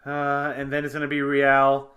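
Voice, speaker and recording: A man's voice: mid-range voice, completely flat delivery, normal speed, sharp tone. A man plays in a casual tabletop game session. He jokes along and often hesitates, trailing off into fillers and restarts as he works out his turn. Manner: hesitant, joking, many fillers. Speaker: player.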